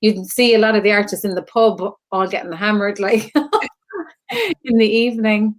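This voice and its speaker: A woman's voice: mid-range voice, fairly even intonation, normal speed. Woman host on a live stream, asks stuff, sounds interested. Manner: interested, prompting questions. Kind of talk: casual live-stream chat.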